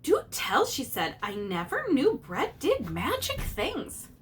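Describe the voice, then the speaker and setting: A woman reading a picture book aloud to her child, pausing to explain idioms and acting out the characters. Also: high-pitched, wildly swooping pitch, a little hiss or hum.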